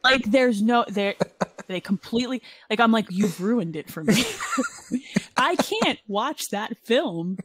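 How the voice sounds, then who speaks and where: A middle-aged woman guest on a podcast, chatting casually in a wry, self-mocking way with quick asides. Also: fairly high pitch, expressive, husky, no room sound. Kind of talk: casual chat.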